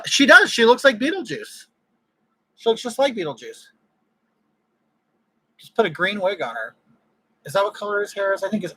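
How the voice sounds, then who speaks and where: A man's voice: sits high, fairly bright tone, slightly rough, no echo, poor audio. A man from California hosting a casual livestream chat, ranting bluntly with strong opinions. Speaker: livestream host.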